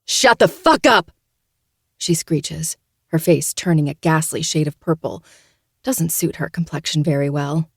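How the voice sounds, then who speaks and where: A woman's voice: deep voice, level tone, moderate pace, creaky, mellow, dry recording. A woman podcast host narrating a novel in the first person, in a dry, sardonic manner. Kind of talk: audiobook narration.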